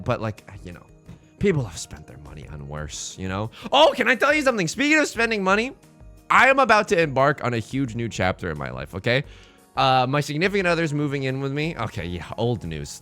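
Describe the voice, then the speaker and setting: A man hosting a let's play, chatting through his game in joking, rambling banter to his viewers. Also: mid-range voice. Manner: animated, joking rambling banter addressed to "folks". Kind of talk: gameplay commentary.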